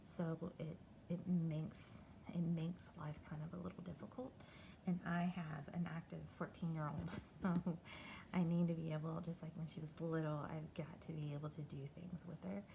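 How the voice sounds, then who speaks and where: A middle-aged woman from Texas, talking candidly and haltingly in a personal video diary. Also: low-pitched, flat delivery, creaky, background noise. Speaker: vlogger.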